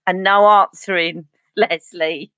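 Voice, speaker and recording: A woman's voice: fairly low pitch, fairly even intonation, slow pace, pushed and bright, no echo, muffled recording. A Cockney woman from East London, a beauty vlogger chatting casually and rambling through stories while doing her makeup on a livestream.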